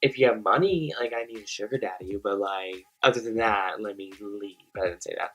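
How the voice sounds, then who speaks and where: A young man telling a casual storytime, animated and full of filler words. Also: fairly low pitch, a little fast, poor audio. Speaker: vlogger.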